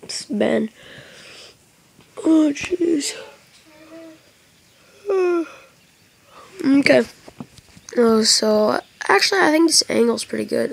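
A woman's voice: sits high, animated, takes it slowly, vocal fry, pauses often. A tired woman giving casual, rambling commentary to viewers while playing a video game, joking as she goes. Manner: rambling, jokey, talks to viewers. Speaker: let's play gamer.

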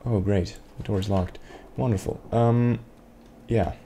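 A man's voice: fairly low pitch, steady tone, a little slow, mellow, a little hiss or hum. A man giving sarcastic, rambling gameplay commentary to himself, swearing often, at a desk microphone. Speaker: let's play gamer.

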